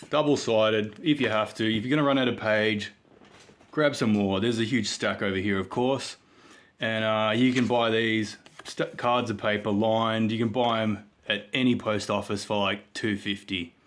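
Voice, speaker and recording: A man's voice: fairly low pitch, fairly even intonation, moderate pace. A man giving a rambling, jokey self-help monologue for his vlog. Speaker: vlogger.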